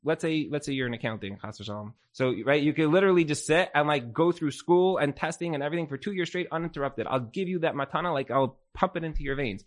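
A man teaching a class in a relaxed, storytelling way, leaning on lots of "like" fillers as he talks. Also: on the high side, fast, few pauses. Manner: casual and storytelling, with many "like" fillers. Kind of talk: informal motivational class talk.

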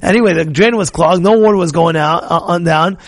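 A rabbi teaching a Torah lesson with a high, gravelly voice. He talks in an animated way, full of restarts, and breaks into loud scolding voices to act out everyday scenes. The delivery is warm in intent but excitable. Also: fairly quick.

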